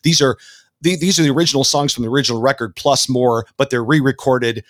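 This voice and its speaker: A man's voice: mid-range voice, steady tone, fast talker, no room sound. A middle-aged man talking music on a podcast, enthusiastic and rambling. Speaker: podcast guest. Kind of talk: casual music podcast chat.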